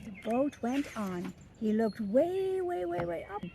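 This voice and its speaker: Older woman storyteller, high voice, animated picture-book reading. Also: measured pace, creaky, noisy background. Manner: animated, expressive.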